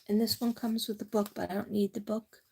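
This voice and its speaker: A woman's voice: medium pitch, level tone, a little fast, creaky, dark tone, a little hiss or hum. A middle-aged woman from Staten Island with a New York accent, giving a casual, rambling tarot reading full of personal stories. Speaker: tarot reader.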